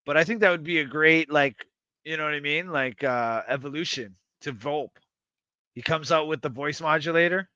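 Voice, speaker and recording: A man hosting a livestream, chatting to his viewers in a rambling, excitable, self-mocking way and swearing freely. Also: on the high side, moderate pace, clear, resonant tone, no room sound, dull audio. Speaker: livestream host. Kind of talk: casual livestream chat to viewers.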